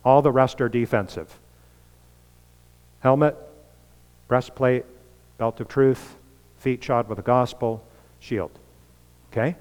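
A man delivers a sermon from the pulpit, his voice mid-pitched and earnest. He swells to emphatic peaks and then sinks to soft, quiet lines. The sound carries the long reverb of a large church hall. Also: fairly even intonation, slow pace, long pauses. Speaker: pastor.

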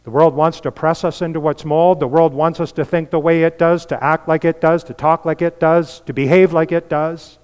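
A man's voice: fairly high pitch, fairly even intonation, normal speed, hardly any pauses, smooth. Earnest male pastor in a reverberant hall. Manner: earnest, with rising emphatic peaks and soft drops. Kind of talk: sermon. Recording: long reverb of a large hall.

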